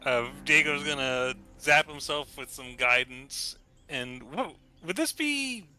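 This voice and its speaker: A man's voice: on the high side, expressive, slow pace, sharp tone, clear, resonant tone, rough recording. A man playing in a tabletop game, talking in a hesitant, filler-heavy way. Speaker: player. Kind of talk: casual chat during a tabletop game.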